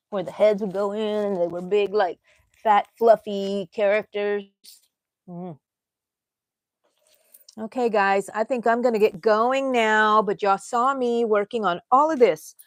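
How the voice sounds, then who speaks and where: A woman's voice: mid-range voice, unhurried, long pauses, no echo. A middle-aged woman, hosting a casual crochet livestream, rambling and chatting with viewers as she works.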